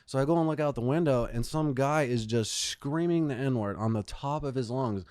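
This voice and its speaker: A man's voice: mid-range voice, normal speed, a little mellow, no room sound, studio quality. A man co-hosting a podcast, telling rambling, profane stories in casual chat. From Phoenix, Arizona. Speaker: podcast co-host.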